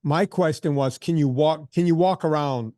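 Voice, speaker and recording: A man in his sixties, a fitness trainer telling stories in a casual interview, animated and full of quoted asides and restarts. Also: a little high, normal speed, no room sound, clean studio sound. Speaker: fitness trainer and podcast guest.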